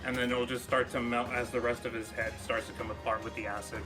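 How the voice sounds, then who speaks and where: A man's voice: mid-range voice, level tone, fast, loud music behind the voice. A man playing a tabletop game, eagerly describing in detail how his character attacks. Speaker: player. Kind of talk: casual tabletop play.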